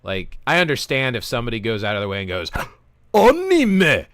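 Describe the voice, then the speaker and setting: Rambling low-voiced streamer guy. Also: expressive, fairly quick, bright, forceful tone, smooth. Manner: rambling, self-interrupting storyteller. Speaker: gaming livestream host. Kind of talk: casual chat with viewers.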